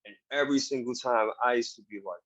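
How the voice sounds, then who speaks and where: A man's voice: mid-range voice, fast, fairly bright tone, dry recording. A man speaking earnestly and emphatically as a guest in a motivational interview, recorded over a video call. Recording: dull, dry video call audio.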